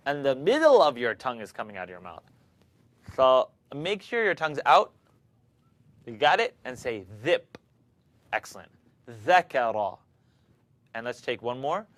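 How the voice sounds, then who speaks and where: A man's voice: medium pitch, a bit bright, no room sound. A man teaching Quran recitation in a video lesson, patiently demonstrating each letter sound aloud for learners to repeat.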